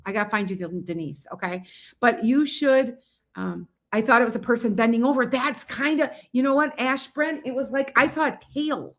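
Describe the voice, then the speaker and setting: A woman hosts a casual psychic livestream from her home. She talks fast and rambles in an animated way as she chats with viewers. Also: fairly high pitch. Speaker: psychic reader hosting a livestream.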